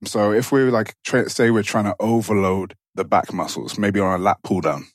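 Deep-voiced young man, rambling chat. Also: fairly even intonation, normal speed, dry recording, clean studio sound. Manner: rambling, many fillers and restarts. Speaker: podcast co-host. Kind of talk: casual chat.

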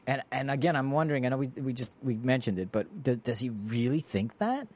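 A man's voice: medium pitch, fairly quick. A man co-hosting a casual podcast chat, talking animatedly with many restarts and acting out quotes. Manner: animated, acts out quotes, frequent laughs and restarts. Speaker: podcast co-host.

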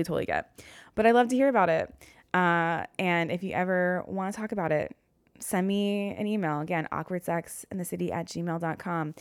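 Low-voiced woman podcast host, candid. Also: smooth, no echo, studio quality. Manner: candid, rambling, self-deprecating. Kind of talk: casual solo podcast chat.

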